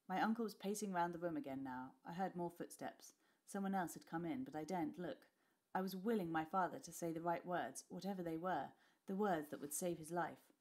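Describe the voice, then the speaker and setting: A woman teacher reading a class novel aloud with expressive storytelling. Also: on the low side, a little fast.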